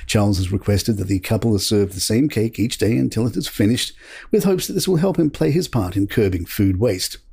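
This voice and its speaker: A man hosting a podcast, reading royal news headlines from a script in a measured, steady way. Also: lowish voice, creaky, slightly rough. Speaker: podcast host.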